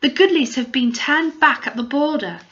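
Casting: a woman playing a determined young girl in a storybook, eager, a bit higher than her narration, slightly dull recording. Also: animated, moderate pace, a bit bright. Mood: earnest.

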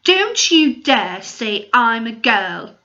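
Casting: a woman playing a determined young girl in a storybook, eager, a bit higher than her narration, slightly dull recording. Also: big pitch swings, a little slow, fairly bright tone, exaggerated voice. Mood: indignant.

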